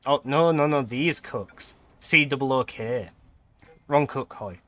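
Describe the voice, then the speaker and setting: A man's voice: medium pitch, unhurried, sharp tone. A young man casually chatting and laughing often while commenting on a game he is playing on stream.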